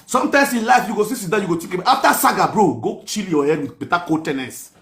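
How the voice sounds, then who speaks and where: Male live-stream ranter, Nigerian Pidgin accent, loud and mocking, high lively voice, roomy echo. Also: fast, slight background noise. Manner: loud, mocking, animated, shouts often. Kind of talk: ranting live-stream commentary.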